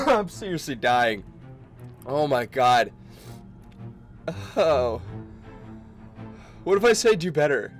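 A man giving casual let's-play commentary, excitable, laughing often and reading game text aloud. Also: medium pitch, slow, long pauses, soft background music. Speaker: gaming video creator.

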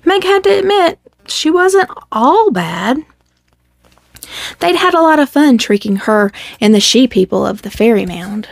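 A woman storyteller reading a children's story aloud in a measured, expressive way. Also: a little high, creaky, dry recording.

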